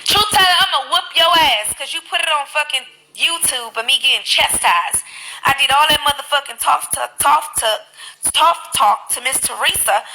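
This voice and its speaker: A woman chats on her live stream, telling stories with plenty of swearing. Her voice is gravelly and edged with fry, and it has a bright, sharp tone. She talks straight into her phone. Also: high voice, a little hiss or hum, rough recording. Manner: animated, profane storytelling. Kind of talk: casual live-stream chat.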